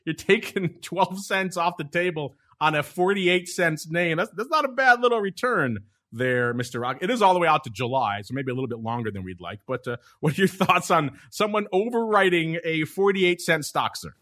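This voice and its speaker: A man's voice: on the high side, animated, normal speed, a bit bright. Playful, teasing male podcast host. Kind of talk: casual chat.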